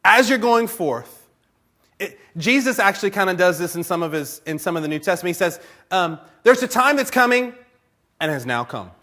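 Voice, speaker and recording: A man's voice: sits high, a little fast. A male pastor preaching in church, telling stories with lots of laughter and acting out little conversations. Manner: animated storytelling, laughs often, acts out conversations. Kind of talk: sermon.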